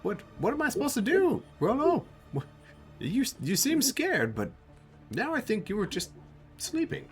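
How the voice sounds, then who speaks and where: A man voicing a jittery, easily flustered male companion in a tabletop game, in a shrill squeaky voice. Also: wildly swooping pitch, a little slow, faint music behind, heavily acted.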